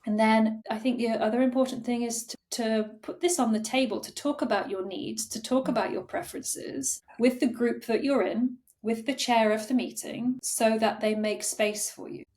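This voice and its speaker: Animated woman, bright voice. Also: on the high side, normal speed, hardly any pauses. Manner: animated, acts out quoted thoughts, laughs often. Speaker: guest, career coach. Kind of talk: casual podcast conversation.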